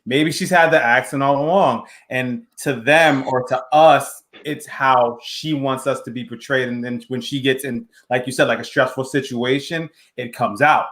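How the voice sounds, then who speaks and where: A man with a mid-range voice, chatting casually on a podcast. He speculates in an easygoing, relaxed way. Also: mid-range voice, moderate pace, few pauses.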